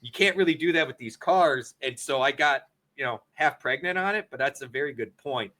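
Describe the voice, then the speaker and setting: A man co-hosting a casual racing and betting chat over a video call, chatty and excitable, laughing often. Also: medium pitch, fairly quick. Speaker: podcast co-host.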